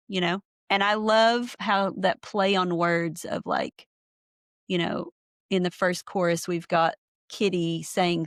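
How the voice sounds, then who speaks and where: A woman's voice: lowish voice, slow, vocal fry, long pauses, dry recording, studio quality. A woman hosting a casual podcast chat, thinking aloud with lots of fillers and enthusiasm. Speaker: podcast host, therapist. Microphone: remote call.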